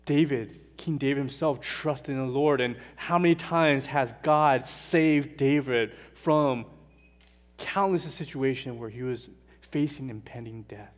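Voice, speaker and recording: A man preaching a sermon in a church, earnest and emphatic, slowing down and falling soft on painful words. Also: mid-range voice. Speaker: pastor. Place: church sanctuary. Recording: long hall reverb.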